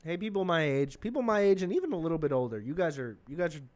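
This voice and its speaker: A young man hosting a comedy podcast, rambling through an excitable, profane monologue. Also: on the high side, quick pace.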